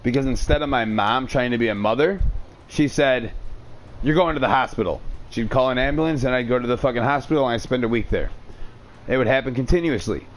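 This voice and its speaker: A young man recounts a personal story in a loose, rambling way, swearing freely as he goes. His voice sits at an ordinary middle pitch. There is a faint background noise under the recording. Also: fairly quick. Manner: profane, rambling, animated retelling. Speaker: streamer telling a story. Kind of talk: casual storytelling.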